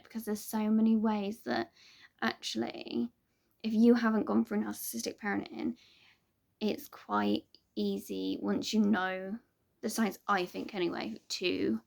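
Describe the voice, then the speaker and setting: A woman's voice: mid-range voice, vocal fry. A young woman chatting casually to camera as a vlogger, rambling with lots of ums and little laughs.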